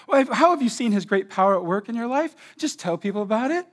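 With an extremely high-pitched voice, a man preaches as pastor. He alternates hushed, slow sections with loud, excited bursts, acting out imagined voices and repeating himself.

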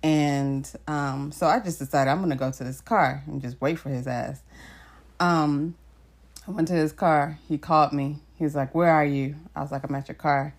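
A young woman co-hosting a podcast, telling a story in a casual chat with lots of laughter. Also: moderate pace. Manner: animated, laughing storyteller, jumps high for quoted lines. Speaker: podcast co-host.

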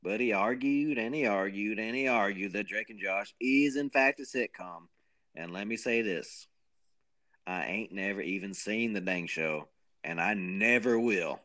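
A man's voice: lowish voice, unhurried, bright, forceful tone. A man co-hosting a podcast, rambling and joking in a self-mocking way. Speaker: podcast co-host. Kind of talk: casual chat.

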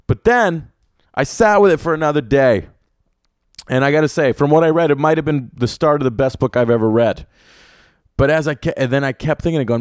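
Speaking fairly quickly in a mid-range voice, a young man runs his solo podcast with an animated, swear-filled comedic story that rambles along. The recording is close and dry with no echo, made in a room with an air conditioner.

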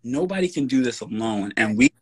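A man's voice: mid-range voice, expressive, brisk, slightly rough. A man speaking as a guest in a casual podcast conversation, emphatic, blunt and profane. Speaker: personal trainer.

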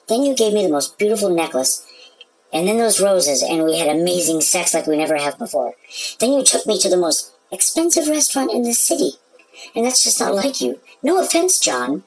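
A woman's voice: on the low side, rough recording. A woman playing an earnest, puzzled wife. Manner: earnest, explaining. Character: devoted, puzzled wife in a skit. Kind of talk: scripted sketch acting.

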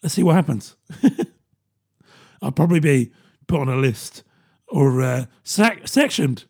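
A man's voice: fairly high pitch, expressive, measured pace, gravelly, darkish tone, breathy edge. A British man in his thirties, rambling and self-mocking in a casual comedic monologue, laughing often. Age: 30s.

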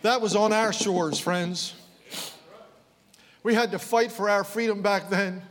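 A man delivers a sermon with fervent conviction, his high voice rising into impassioned outbursts and then dropping to hushed, low asides. Despite this, his intonation stays fairly even and his pace measured, and the long reverb of a large hall surrounds the sound.

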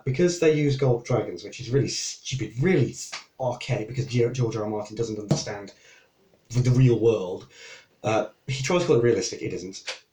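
A man's voice: mid-range voice, mellow. A man playing a tabletop game, rambling with many hesitations and restarts as he explains. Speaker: player. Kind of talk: casual chat at a game table. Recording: echoey room with faint noise.

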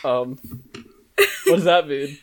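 A man's voice: a little high, takes it slowly, a little mellow. A man guesting on a podcast, laughing a lot and getting flustered. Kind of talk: casual chat.

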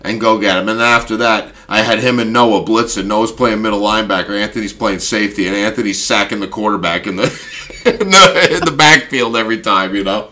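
A man with a bright, forceful voice tells stories in a loose, casual chat over a video call. He acts out what others said, loudly and with lots of laughing, and his voice has a clear, tense edge to it. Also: lowish voice, a little fast. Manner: animated storyteller, acts out loud quotes, laughs often. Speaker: podcast host and youth football coach.

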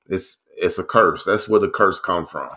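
A man co-hosting a casual sports talk show, relaxed and filling his speech with "you know" and "um". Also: sits low, normal speed. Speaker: podcast co-host.

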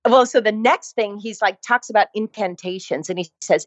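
A woman's voice: medium pitch, moderate pace, few pauses, dry recording, highs cut off. A woman, a fitness instructor, telling her story in a conversation, emphatic and repeating phrases for effect.

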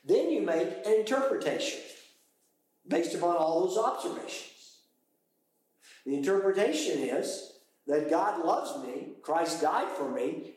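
A British man leads a small Bible study, explaining with animated bursts and exclamations. His voice sits on the high side for a man. The recording is poor and very echoey. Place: room with a small study group.

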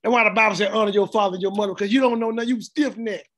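A man's voice: sits high, fairly even intonation, rapid-fire, fairly bright tone. A middle-aged man preaching a blunt, informal sermon and laughing often as he speaks. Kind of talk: street sermon.

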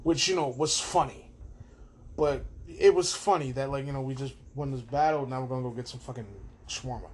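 A man hosting a casual solo podcast from his own room, rambling, swearing and animated. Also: mid-range voice, brisk, a little hiss or hum. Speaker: podcast host.

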